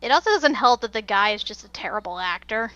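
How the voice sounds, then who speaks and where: A woman co-hosting a casual film review chat, animated and quick to laugh. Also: on the high side, no echo, highs cut off. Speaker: podcast co-host.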